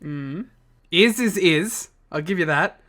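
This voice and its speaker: A man co-hosting a podcast in casual chat, playful and quick to laugh and joke. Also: fairly high pitch, expressive, sharp tone. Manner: playful, laughs often, jokes about doing accents. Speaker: podcast co-host.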